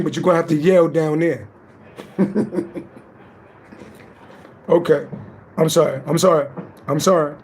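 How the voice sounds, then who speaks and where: A man's voice: a little high, darkish tone, slight background noise. A man hosting a live psychic stream, trading playful rhyming roasts and reading a spiritual text aloud. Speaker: livestream psychic reader.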